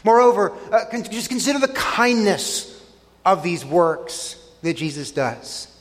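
Male pastor, sermon, earnest emphatic delivery, slightly high voice, long hall reverb. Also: big pitch swings. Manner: earnest, emphatic preaching with slow stressed phrases.

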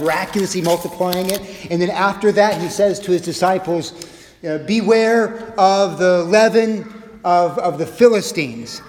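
A middle-aged male pastor delivers a sermon with a voice a little higher than most men's. He moves between quiet, slow reflection and quick, animated storytelling, acting out quotes with humor. The sound rings around a roomy church sanctuary with a long reverb tail. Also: slight background noise. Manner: expressive, shifts pace and loudness, acts out quotes with humor.

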